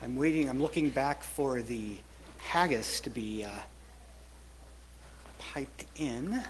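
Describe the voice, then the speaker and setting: An event host at a church hall concert, speaking in a relaxed, halting way with fillers. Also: mid-range voice, a little hiss or hum. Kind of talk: casual event hosting.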